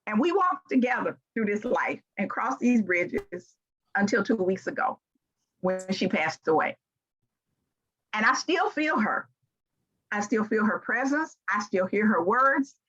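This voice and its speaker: A woman's voice: mid-range voice, big pitch swings, a little slow, fairly bright tone. An older woman from Memphis with a Southern accent, giving a heartfelt, folksy motivational talk to an audience. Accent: Southern American. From Memphis, Tennessee. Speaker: keynote speaker. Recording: dull lo-fi sound.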